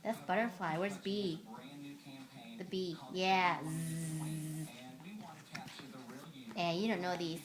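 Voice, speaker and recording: A woman's voice: on the low side, fairly even intonation, measured pace, long pauses, a crowd in the background. A woman reading a picture book to a toddler at home, asking patient, repetitive quizzing questions. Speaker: parent.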